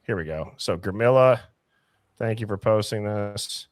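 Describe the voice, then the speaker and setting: A man's voice: fairly low pitch, expressive, measured pace, no room sound, studio quality. A man hosting a live stream, chatting casually and thinking aloud as he reads comments. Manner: easygoing, thinks aloud while reading chat. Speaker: host.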